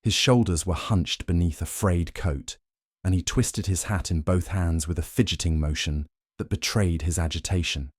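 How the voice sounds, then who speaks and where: A man giving formal, measured scripted narration of a period mystery. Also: deep voice, breathy edge, dry recording, studio quality.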